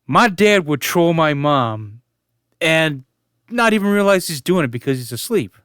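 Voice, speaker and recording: A man in his forties tells a story in a fairly high, smooth, clear voice. He keeps chuckling and trying not to laugh. The sound is dry and close to the mic. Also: sing-song, unhurried, a bit bright, no room sound. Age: 40s. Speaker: vlogger. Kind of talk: casual storytelling monologue.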